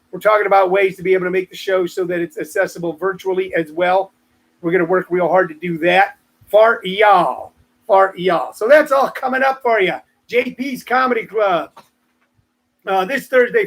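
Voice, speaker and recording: A man in his sixties, a comedian, chats to viewers on his live stream in a casual, rambling monologue of stories and jokes. His voice is high and a bit bright.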